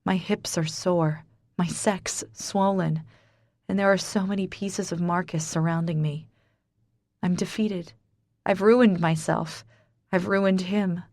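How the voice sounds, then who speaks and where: A woman's voice: lowish voice, steady tone, slow, darkish tone, no echo, clean studio sound. A woman narrating a romance audiobook in the first person, intimate and dramatic.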